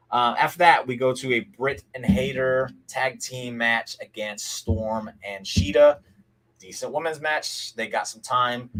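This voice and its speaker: A man's voice: medium pitch, fairly bright tone, poor audio. A young man hosting a casual live recap of a wrestling show, chatty and opinionated, often restarting his sentences and answering viewers' chat. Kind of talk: casual live-stream commentary.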